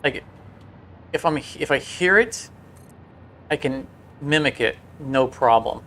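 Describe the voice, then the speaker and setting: A man's voice: medium pitch, slow, pushed and bright, slight background noise. Rambling male game streamer. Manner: rambling, storytelling with restarts. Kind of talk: casual livestream chat.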